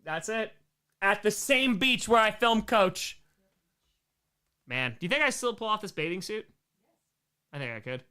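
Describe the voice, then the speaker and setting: A male streamer hosting a live show, cracking self-mocking jokes as he reacts to old home videos. His voice swings widely in pitch, leaping up when he gets excited. The tone is bright and a little sharp. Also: unhurried, long pauses, smooth. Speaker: streamer host.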